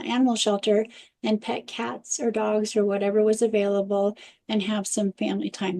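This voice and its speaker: Warm-voiced woman telling parenting stories. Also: mid-range voice. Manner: animated anecdotal storytelling. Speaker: guest expert on parenting. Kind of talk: storytelling interview talk.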